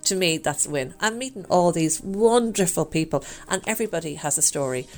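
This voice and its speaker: A woman's voice: fairly low pitch, expressive, brisk. An Irish woman in her fifties chatting in an upbeat, rambling way as a participant in a health challenge. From Ireland. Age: 50s. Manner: chatty and upbeat, full of fillers. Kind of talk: casual chat.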